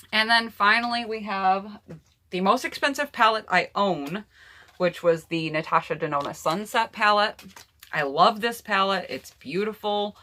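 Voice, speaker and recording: A woman's voice: deep voice, sharp tone. A woman beauty vlogger chatting casually through her eyeshadow palettes and talking straight to her viewers. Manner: chatty, personal opinions, addresses viewers directly. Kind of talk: casual makeup palette review.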